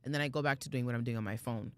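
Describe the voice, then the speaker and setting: A woman's voice: rumbling low, rapid-fire. A woman, co-hosting a podcast and telling a story in casual chat, slangy and swearing freely. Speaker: podcast co-host.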